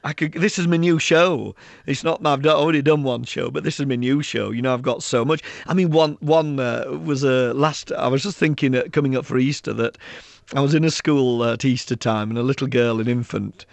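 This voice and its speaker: A man's voice: medium pitch, fairly even intonation, fairly quick, vocal fry, dry recording. A man, an author and public speaker, telling anecdotes in an interview and mimicking the people in his stories.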